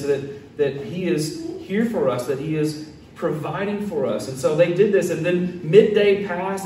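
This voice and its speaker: A man's voice: fairly high pitch, slight background noise. A man preaching a casual sermon, retelling a story and acting out the quotes in voices. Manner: animated, acts out quotes in character voices. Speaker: pastor. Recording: echoey room, mic at a distance, faint ambience.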